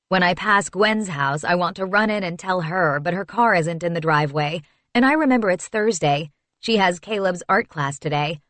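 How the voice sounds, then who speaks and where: A woman's voice: medium pitch, no room sound. Woman reading a first-person story aloud. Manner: expressive, wistful storytelling. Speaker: audiobook narrator.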